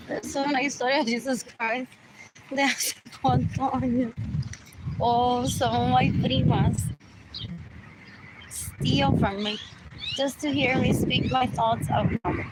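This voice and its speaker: A woman's voice: sits high, fairly even intonation, takes it slowly, pauses often. A woman hosting a rambling solo livestream, musing aloud, repeating herself and switching between English and Spanish. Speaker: livestream host. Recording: loud background noise.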